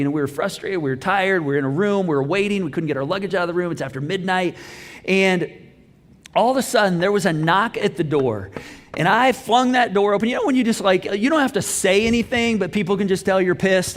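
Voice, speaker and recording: A man preaching a sermon as pastor, telling a personal story with lively acted-out dialogue. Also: fairly high pitch, big-room sound. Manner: animated storytelling, acts out dialogue. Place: church auditorium.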